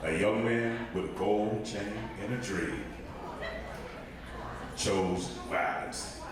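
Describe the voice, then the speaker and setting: A man putting on a deep, slow, solemn narrator voice in a comedy club. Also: distant mic. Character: deep slow old male narrator impression. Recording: roomy club mic with crowd.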